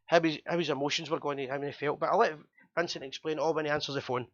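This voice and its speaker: A Scottish man hosting a fan chat show, talking fast and chatty with jokes. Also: a little high, fairly even intonation, dull audio, very noisy.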